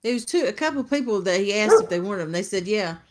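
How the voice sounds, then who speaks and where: A woman's voice: medium pitch, animated, fast, over a noisy crowd. Laughing woman co-host. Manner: laughs often, short agreeing replies. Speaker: fishing channel co-host. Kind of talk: casual live-stream chat reading viewer comments.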